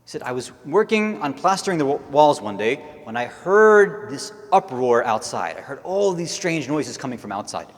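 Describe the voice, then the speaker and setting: A man's voice: mid-range voice, sing-song, moderate pace, few pauses. A man delivering a sermon, moving into an impassioned, mournful retelling. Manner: rising to impassioned, tearful recounting. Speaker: speaker at an Islamic centre. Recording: long hall reverb.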